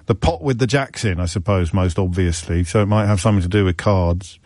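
A man's voice: deep voice, a little fast, warm tone, no room sound, clean studio sound. A man hosting a live radio phone-in, chatty and wry, thinking aloud with frequent restarts.

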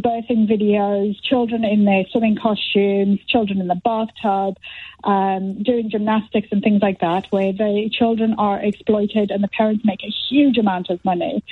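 A woman's voice: mid-range voice, slightly rough, no room sound. A woman from Wales calling in to a radio show over the phone, talking insistently with hesitant fillers. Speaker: caller. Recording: tinny phone line.

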